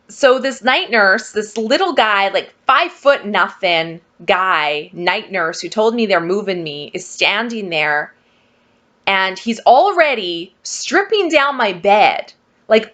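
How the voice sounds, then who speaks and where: A woman telling a personal story to her viewers in a casual vlog, animated and exasperated. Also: mid-range voice. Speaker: vlogger.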